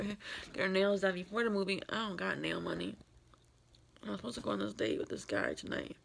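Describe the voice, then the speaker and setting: In this emotional personal vlog, a distressed woman in her thirties cries while venting, her talk wandering and full of fillers and restarts. Her voice is medium in pitch, with vocal fry and a breathy edge.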